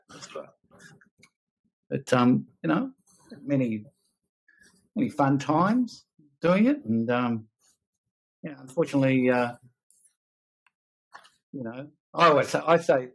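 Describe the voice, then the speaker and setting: An older man with an Australian accent, a guest musician speaking in a halting, reflective way. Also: medium pitch, rough recording. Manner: halting, reflective, with many fillers and restarts. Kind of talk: candid conversation.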